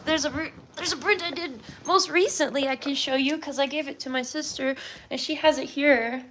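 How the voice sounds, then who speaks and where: A woman with a slight slur streams from home, talking loosely and laughing at herself. Her voice is bright and a little high. A faint hiss sits under the phone recording. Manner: rambling, self-deprecating, laughs often. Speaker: livestreamer and artist. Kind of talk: casual livestream chat. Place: at home, indoors.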